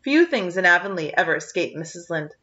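A woman reading a novel aloud, narrating a chapter in a steady, even-paced way on a dull lo-fi recording. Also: lowish voice, brisk, recorded from a distance. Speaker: reader. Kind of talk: audiobook narration.

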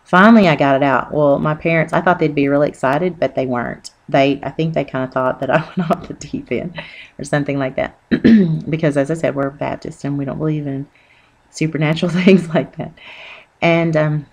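Woman, deep voice, gravelly, earnest, halting, personal testimony. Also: fairly even intonation. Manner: earnest, rambling with many fillers. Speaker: Christian testimony speaker.

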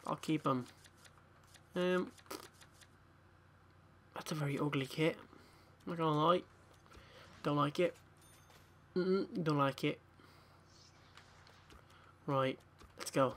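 Young gamer, tired and sweary, mutters his way through a pack opening in a fairly high voice. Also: slow pace, pauses often, fairly bright tone, a little hiss or hum. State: tired, yawning. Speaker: gaming YouTuber.

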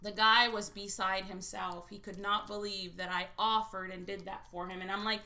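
A woman's voice: medium pitch, level tone, normal speed, few pauses, sharp tone. A woman hosting a live stream, chatting casually and telling stories in a blunt, salty way while she reads viewer names. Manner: blunt and salty, swears freely; chatty storyteller. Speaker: livestream host scratching lottery tickets.

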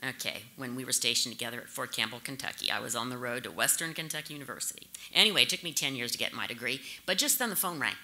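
A woman's voice: extremely low pitch, fast, few pauses, bright, forceful tone. An American woman in her fifties from St. Louis, giving a direct, anecdotal conference speech. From St. Louis, USA. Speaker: conference speaker.

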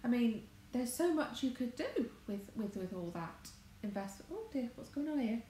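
A chatty woman from England talks to her livestream viewers, drifting from topic to topic and correcting herself mid-sentence. Her voice sits fairly high and swoops around animatedly. It is recorded in an echoey room with faint noise behind. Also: very animated, moderate pace, warm tone. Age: adult, married. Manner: chatty, wandering, self-correcting. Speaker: crafts vlogger. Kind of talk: rambling casual livestream chat. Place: home conservatory.

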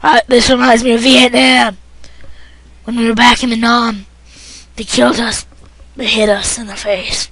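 Girl putting on a gravelly wrecked-throat army vet, swearing and rambling about the war, kinda bright edge to it. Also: fairly high pitch, level tone, a little slow, long pauses, no room sound, low-quality recording. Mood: bitter. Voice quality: strained, barely-there raspy voice. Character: wounded male soldier, throat cut, crude war veteran.

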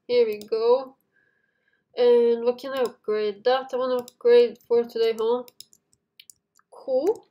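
A woman's voice: on the high side, level tone, slow pace, long pauses, mellow, dull audio. A woman hosting a casual gameplay video, chatting to viewers and giggling often as she plays. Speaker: gaming video host.

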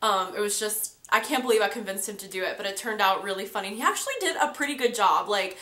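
A woman's voice: mid-range voice, expressive, fast talker, pushed and bright. A woman in her twenties with a stuffy, nasal voice from a cold, chatting casually to her viewers as a beauty vlogger, with lots of fillers. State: congested from a cold. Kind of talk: casual chat to camera. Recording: roomy echo.

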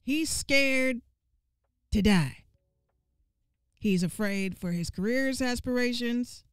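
A woman giving casual gaming commentary, ranting in an animated, profane and exasperated way and repeating lines for emphasis. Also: fairly high pitch, slow pace, smooth, no room sound, clean studio sound.

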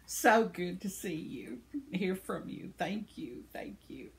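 An older woman who runs her own channel reads viewer comments aloud, chatty and tender, laughing often and tripping over names. Her voice is on the low side, animated, and slow.

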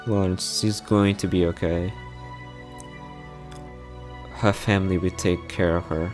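A man with a deep, low voice reads a visual novel story aloud, taking every part himself. He speaks slowly and gently, with a soft, heartfelt delivery. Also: fairly even intonation, soft background music.

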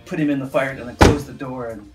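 A man's voice: medium pitch, fast, loud music behind the voice. A middle-aged man from the United States, a university English teacher, telling stories casually and acting out sounds and voices as he goes. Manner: animated, acts out sounds and voices in his stories. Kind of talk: casual storytelling.

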